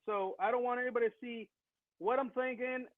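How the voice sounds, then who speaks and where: Guy doing a folksy coach voice, real high, rambly and deadpan, tinny call audio. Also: fairly quick, no room sound. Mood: rambling. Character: folksy blowhard male football coach, middle-aged. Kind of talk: improvised comedy character on a live podcast. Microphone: video call.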